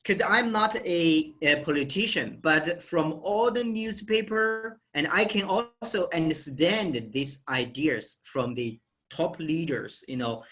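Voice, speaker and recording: A man's voice: fairly high pitch, slow, a bit bright. A man whose first language is Chinese, a guest in an online discussion, speaking hesitantly with frequent fillers. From China. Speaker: guest entrepreneur.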